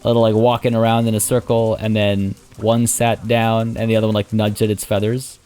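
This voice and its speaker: A man casually commenting as he plays a zoo-building game, rambling and chatty, often restarting sentences and filling pauses. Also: on the low side, monotone, a little mellow, clear, resonant tone, soft background music. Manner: rambling, chatty, self-correcting with fillers. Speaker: let's play host.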